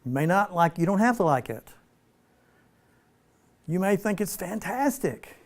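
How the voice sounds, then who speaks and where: Laid-back man teaching a spiritual group. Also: sits high. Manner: relaxed, playful, laughs often, slows for emphasis.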